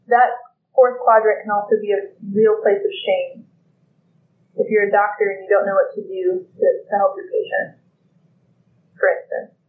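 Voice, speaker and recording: Halting lecturer on a tinny, echoey line. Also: mid-range voice. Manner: thoughtful, halting, many pauses and fillers. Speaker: teacher. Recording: echoey, phone-like lo-fi with faint noise.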